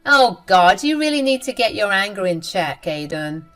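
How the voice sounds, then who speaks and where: A woman playing a smug, self-righteous young woman who lectures and belittles in a storybook reading, her voice at an ordinary pitch. Faint music plays behind her. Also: big pitch swings, normal speed, fairly bright tone, low-quality recording. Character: cruel, smug young adult sister-in-law.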